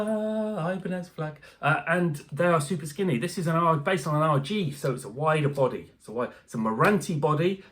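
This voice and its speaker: Man, casual unboxing chat, fairly high pitch, very expressive intonation, jokey. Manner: chatty, animated, jokey asides. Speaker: guitar reviewer.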